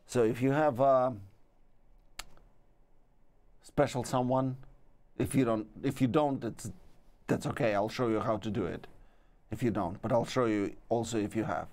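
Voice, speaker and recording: A man's voice: medium pitch, normal speed, darkish tone. A man hosting a comedic talk show, delivering a playful, rambling monologue with asides.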